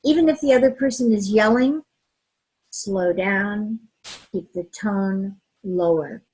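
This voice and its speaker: A woman co-hosting a relationship advice talk, speaking in a calm, gentle way. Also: medium pitch, takes it slowly, breathy edge, poor audio. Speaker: relationship coach, co-host.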